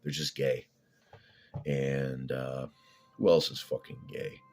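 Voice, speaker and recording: A man with an extremely deep voice talks in a loose, rambling vlog monologue. He is blunt and profane, wandering from one thought to the next with plenty of filler. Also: little pitch movement, slow pace, a little mellow. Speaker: fitness vlogger.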